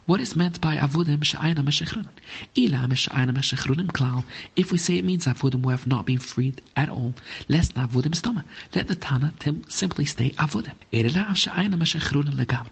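Male Talmud teacher with a rough, husky and somewhat high voice, who reads each phrase of text and then translates it. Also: expressive, brisk. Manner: reads a phrase of Aramaic, then explains it in English.

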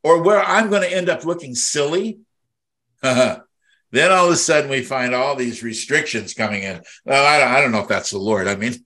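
The voice here is mid-range and sharp-toned, moving at a moderate pace: an older man who ministers and hosts a devotional podcast. Emotional and rambling, he lets his voice swell whenever he's stirred.

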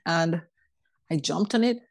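A woman's voice: lowish voice, a little slow, vocal fry, dry recording. A woman, a podcast guest, telling her life story in casual talk and acting out the voices of people in it. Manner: animated, acts out quoted voices.

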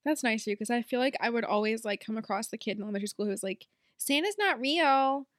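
A young woman co-hosting a podcast in casual chat, telling a rambling story that she breaks up with quick bursts of speech. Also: medium pitch, steady tone, no echo, clean studio sound. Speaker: podcast co-host.

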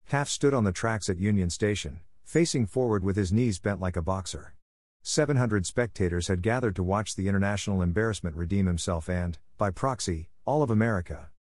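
A man narrating a comic short story in a deadpan, matter-of-fact way. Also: lowish voice, dry recording, clean studio sound.

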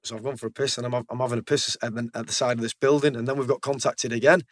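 A man's voice: medium pitch, fairly even intonation, racing, no echo, clean studio sound. A man, a military veteran, telling stories casually in a conversation, blunt and swearing freely. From United Kingdom. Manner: blunt, swears freely, repeats words as he goes.

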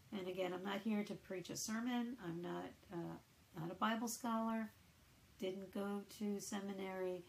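A woman's voice: medium pitch, creaky, poor audio. A woman reading the Bible aloud and thinking it through in casual, hesitant talk full of fillers. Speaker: Bible reader.

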